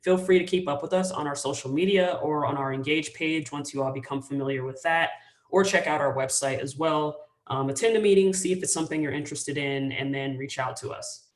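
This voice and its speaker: A young woman from student government presenting casually on a video call, with a relaxed manner and many fillers. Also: sits low, brisk, distant mic. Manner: relaxed, filler-heavy explaining. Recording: echoey room, voice off mic.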